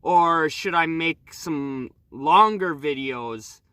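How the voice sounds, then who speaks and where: Male travel vlogger, slow easygoing talk, bright tone, dry close mic, rambling fillers. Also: fairly high pitch, clean tone, dry recording. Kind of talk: casual vlog review. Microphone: new microphone.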